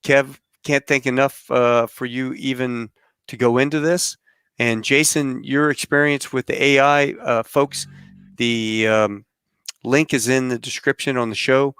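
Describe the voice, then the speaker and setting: A male podcast host signing off his guests and telling a rambling, animated travel story. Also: medium pitch, unhurried, clean tone, no room sound, studio quality. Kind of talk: casual interview sign-off and storytelling.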